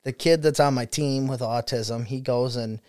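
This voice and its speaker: A young man of middle pitch spins stories from his classroom in a casual, rambling chat. He swears freely and breaks into laughter along the way. His voice sounds dry and close, with no room around it. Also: normal speed, dry recording. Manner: profane, laughing, animated storyteller. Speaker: student teacher.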